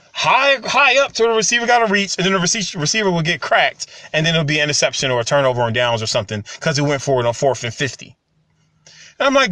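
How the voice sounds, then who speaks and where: A man's voice: high voice, no echo. Talkative man, dry close sound. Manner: conversational, animated when retelling stories. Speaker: commentary channel host. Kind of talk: casual monologue to camera.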